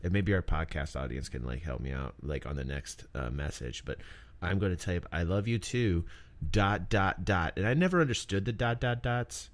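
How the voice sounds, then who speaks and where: A man's voice: deep voice, lively intonation, moderate pace. A young man co-hosting a podcast in casual comedic chat, swearing freely, laughing often and trailing off mid-thought. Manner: laughing, profane, jokey, trailing off. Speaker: podcast co-host.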